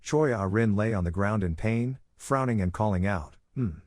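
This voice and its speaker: A man narrating a comic story recap in a steady, even scripted reading. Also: fairly low pitch, normal speed, no room sound, studio quality.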